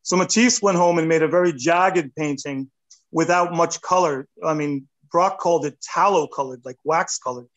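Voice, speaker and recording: A man in his fifties, an artist talking casually in an interview, animated and rambling, with a self-deprecating touch. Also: fairly high pitch, normal speed, rough recording. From United States. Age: 50s. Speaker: artist guest.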